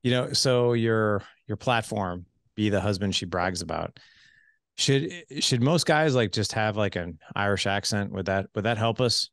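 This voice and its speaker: Male podcast host, low-ish voice, loose and joking, dry close mic. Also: a little slow, a bit bright, dry recording. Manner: joking, filler-heavy, repeats words. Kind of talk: casual interview chat.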